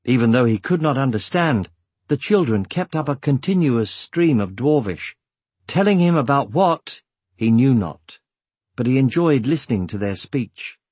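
Husky man narrating a story. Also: medium pitch, no echo. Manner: measured, steady storytelling. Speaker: audiobook narrator. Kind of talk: scripted narration.

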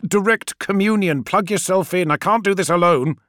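A man's voice: medium pitch, very animated, a little fast, no room sound. A man voicing a cool, arrogant male pilot in an audiobook, speaking in a dry, curt, condescending way. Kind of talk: audiobook character voice.

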